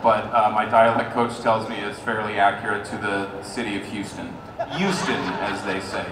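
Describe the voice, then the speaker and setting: A male actor answering fan questions on a convention panel, telling a story with lively put-on voices. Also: lowish voice, normal speed. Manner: animated storyteller, breaks into a put-on drawl. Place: large convention hall. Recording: roomy hall, from far off, noisy crowd.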